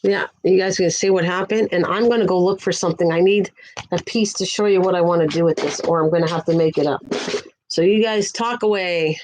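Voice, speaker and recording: A woman's voice: fairly low pitch, a little fast, darkish tone, poor audio. Older woman, chatty livestream crafter; rambles easily and greets viewers sweetly, faint hiss behind. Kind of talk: casual livestream chat.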